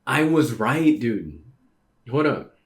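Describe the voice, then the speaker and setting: A man streaming a casual read-through of a comic, reacting excitedly with slangy exclamations. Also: medium pitch, takes it slowly. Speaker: streamer reading manga aloud.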